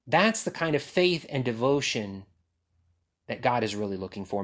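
A man preaching a sermon, acting out quoted voices and dropping to a hush at key lines. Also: mid-range voice, moderate pace. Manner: animated, acts out quotes and swings from loud to hushed. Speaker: pastor.

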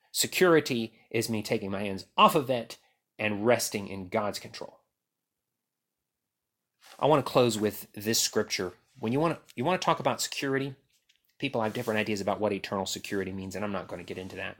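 A man preaching a sermon, acting out quoted voices and dropping to a hush at key lines. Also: mid-range voice. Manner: animated, acts out quotes and swings from loud to hushed. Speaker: pastor.

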